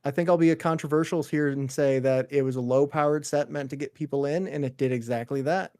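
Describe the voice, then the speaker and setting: A man co-hosting a gaming podcast in casual chat, relaxed and easygoing as he asks questions. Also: mid-range voice, fast.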